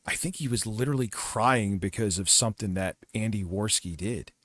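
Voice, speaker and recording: A man's voice: fairly low pitch, normal speed, fairly bright tone, no room sound, studio quality. A man hosting a livestream who comments casually, rambling, crude and mocking. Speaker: livestream host.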